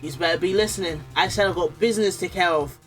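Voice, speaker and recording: A woman voicing a hot-headed male loan shark thug in a video game, using gruff, threatening street slang and a Brooklyn accent that comes out sounding Australian. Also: on the low side, quick pace, faint music behind, close to an everyday voice. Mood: menacing. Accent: Brooklyn attempt, sounds Australian. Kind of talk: reading game dialogue aloud.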